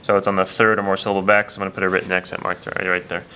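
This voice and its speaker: A man's voice: deep voice, level tone, rapid-fire, sharp tone, a little hiss or hum. A man teaching a casual video lesson, explaining step by step with frequent "uh" and "um" fillers. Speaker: Spanish teacher.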